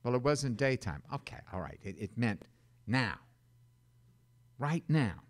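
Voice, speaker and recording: A man preaching a sermon as a Bible teacher, dramatic and emphatic, with sudden loud bursts and conversational asides. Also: medium pitch, big pitch swings, unhurried.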